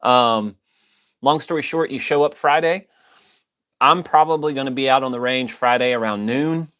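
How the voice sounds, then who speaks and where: A man's voice: mid-range voice, normal speed, fairly bright tone, clear, resonant tone. A man hosting a casual livestream, loosely joking and greeting viewers by name, with a slight wheeze in his voice. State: coughing, a bit wheezy. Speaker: livestream host reading chat.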